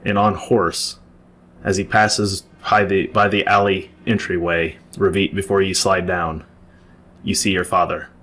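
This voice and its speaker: A man's voice: low voice, little pitch movement, measured pace, a bit bright. A man narrating a tabletop game as game master, describing scenes at length with frequent restarts.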